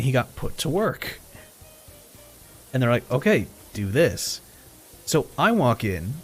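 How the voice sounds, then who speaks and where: A man chats casually on a live stream, acting out both sides of an exchange with frequent swearing and chuckles. His pitch swings widely as he talks, and soft music plays behind him. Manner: animated retelling with quoted dialogue, swearing, chuckles. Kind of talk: casual storytelling while gaming.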